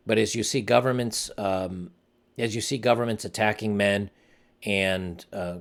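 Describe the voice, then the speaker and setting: Guy talking to his channel, kinda low gravelly voice, serious and heavy, lots of restarts. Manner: earnest and somber, with frequent restarts. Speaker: channel host. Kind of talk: casual commentary monologue.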